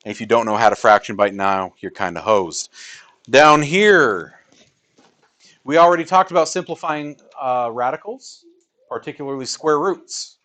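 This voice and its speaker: A man's voice: mid-range voice, animated, measured pace, fairly bright tone. Casual man teaching a math class. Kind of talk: classroom lecture.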